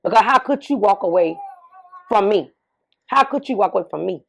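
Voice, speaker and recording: A woman's voice: medium pitch, lively intonation, normal speed, vocal fry. A middle-aged woman talking candidly as an interview guest, emphatic, often repeating herself and asking rhetorical questions. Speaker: interview guest, bereaved mother.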